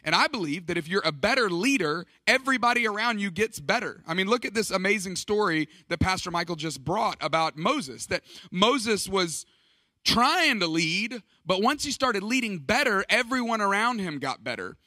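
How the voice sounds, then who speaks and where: A man's voice: high voice, expressive, normal speed, pushed and bright, no room sound. A middle-aged man speaking at a church leadership conference, telling stories in an emphatic, conversational way. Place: church stage.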